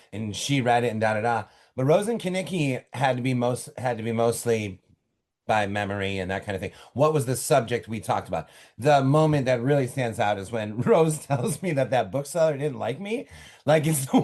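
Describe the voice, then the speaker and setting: Excitable man telling stories. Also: mid-range voice. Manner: animated storytelling with quick asides and restarts. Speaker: author guest. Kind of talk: casual interview talk. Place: home office.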